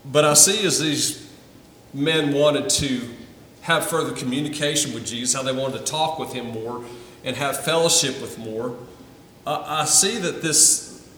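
A man's voice: medium pitch, measured pace, a bit bright, a little hiss or hum. Male pastor, earnest sermon delivery with repeated starts; recorded from far back in a roomy hall. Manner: earnest, repeats words when starting phrases. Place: church sanctuary.

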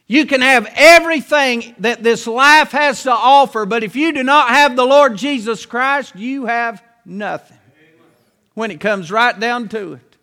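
A man preaches in a very high, bright voice, stretching his words slowly and leaning hard on the key phrases. His voice carries a long reverb from a church hall. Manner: preaching with emphatic, drawn-out phrases and folksy asides. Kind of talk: sermon.

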